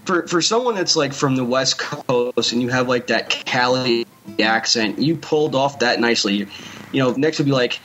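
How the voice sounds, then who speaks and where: A man's voice: mid-range voice, moderate pace, fairly bright tone, highs cut off, soft background music. A man hosting a podcast over a video call, chatting casually and playfully teasing his co-host.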